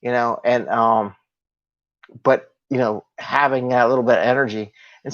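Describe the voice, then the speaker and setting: A man's voice: mid-range voice, fairly even intonation, moderate pace, pauses often, a bit bright, muffled recording. A man hosting a live solo video talk as an agile coach, talking in an upbeat, conversational way and asking his viewers rhetorical questions.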